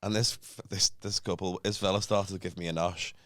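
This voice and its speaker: A man's voice: sits low, little pitch movement, brisk, dry recording. A man chatting casually on a podcast, telling crude anecdotes. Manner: crude, storytelling. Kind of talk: casual chat.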